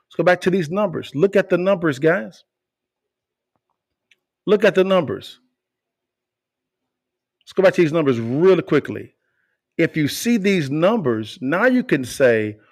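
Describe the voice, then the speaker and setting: A man hosting a podcast, giving animated commentary to viewers and repeating phrases for emphasis. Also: fairly high pitch. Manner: emphatic, repeats phrases, rises to near shouting. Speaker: podcast host.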